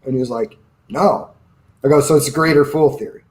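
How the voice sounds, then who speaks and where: A man's voice: medium pitch, brisk, darkish tone. A man who runs a personal finance channel, chatting casually and telling opinionated stories with quoted asides. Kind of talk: casual livestream chat.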